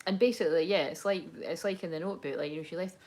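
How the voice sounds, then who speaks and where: A woman's voice: lowish voice, very fast, darkish tone. A young adult woman, chatting casually through a tarot reading, rambling and swearing freely as she laughs along. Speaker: tarot reader. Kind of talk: casual live tarot chat.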